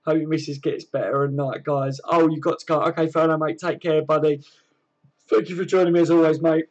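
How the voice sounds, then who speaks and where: A man's voice: on the high side, flat delivery, fairly quick, a little mellow, muffled recording. A man hosting a casual livestream from home, reading viewer comments and chatting in a friendly way, calling everyone mate. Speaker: livestream host.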